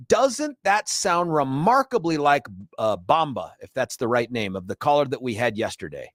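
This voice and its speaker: A man's voice: medium pitch, sing-song, normal speed, few pauses, dry recording. A man hosting a talk radio show, delivering an opinionated, sarcastic monologue and mocking others in put-on voices, on a studio microphone.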